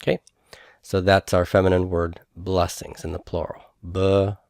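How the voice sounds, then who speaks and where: A man lectures on grammar in a somewhat low voice, recorded close and dry. He works through each step patiently, spelling out syllables slowly and pausing to check that his students follow. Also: flat delivery, gravelly, darkish tone, dry recording. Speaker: Hebrew grammar teacher.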